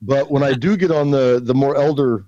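A man's voice: medium pitch, normal speed, mellow, no echo, highs cut off. Enthusiastic rambling man podcast co-host. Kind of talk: casual podcast chat.

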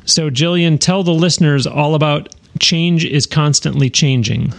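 A man hosting an interview podcast, chatty and quick to laugh. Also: fairly high pitch, gravelly. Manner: chatty, laughs often, upbeat. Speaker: podcast host. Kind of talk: casual interview.

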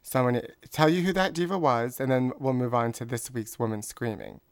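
A man's voice: medium pitch, expressive, fairly quick, creaky, clear, resonant tone, no room sound, studio quality. A man co-hosting a comedy show, chatting in a sassy, gossipy way. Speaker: co-host. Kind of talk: casual comedy chat.

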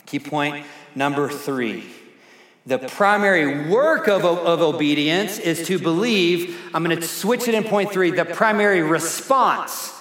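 A middle-aged pastor preaching a sermon in a church, slow and emphatic, repeating his key phrases. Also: fairly high pitch, a bit bright. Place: church sanctuary. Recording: echoey hall reverb.

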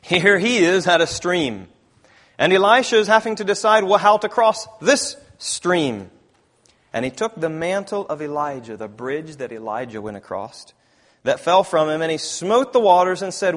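A man preaching a sermon who reads scripture aloud, rises to loud emphasis, often clears his throat and corrects himself. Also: sits high, animated, moderate pace.

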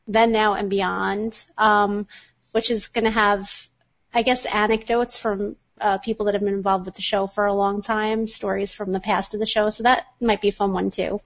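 A woman on a podcast, chatting casually and hesitantly, thinking aloud. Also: medium pitch. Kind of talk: casual chat. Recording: dull lo-fi recording.

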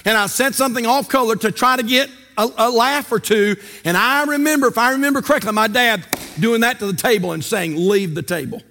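A man's voice: very high voice, a little fast, pushed and bright, long reverb tail. An older man preaching a sermon as pastor, folksy and storytelling, with rhetorical questions. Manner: folksy, asks rhetorical questions and tells stories.

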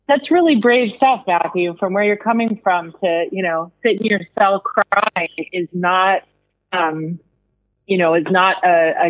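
Podcast host musing back at a guest, long winding thoughts, mid pitch, thin phone sound. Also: no room sound. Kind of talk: reflective interview talk. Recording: dry phone-like line.

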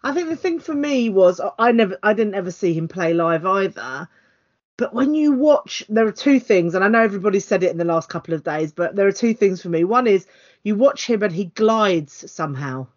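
A woman's voice: mid-range voice, lively intonation, fairly quick, dull audio. A woman, co-hosting a football podcast and rambling with many fillers and hesitations. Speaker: podcast co-host. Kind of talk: casual football chat.

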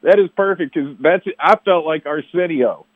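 A man co-hosting a sports talk show, animated and laughing, who breaks into loud impressions. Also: a little high, moderate pace, dry recording, narrow, tinny audio. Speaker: sports podcast co-host. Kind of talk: casual chat.

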